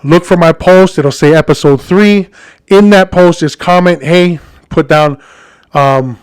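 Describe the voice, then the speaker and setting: A man's voice: on the high side, unhurried, clear, resonant tone, no room sound, clean studio sound. A man with a Hawaiian accent telling a story as a podcast host, in a rambling, chatty monologue addressed to his listeners.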